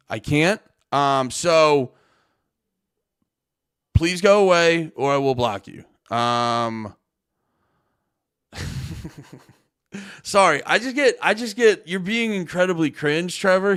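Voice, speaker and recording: A man's voice: mid-range voice, a bit bright. A man streaming live, a comedian ranting at his chat in a profane, exasperated, argumentative way. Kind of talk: livestream rant at chat.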